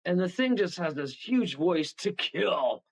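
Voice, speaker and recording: Animated man telling a ghost story. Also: high-pitched, moderate pace, poor audio. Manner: animated, rambling, acts out voices, chuckles often. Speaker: guest medium. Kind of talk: casual storytelling on a talk radio show.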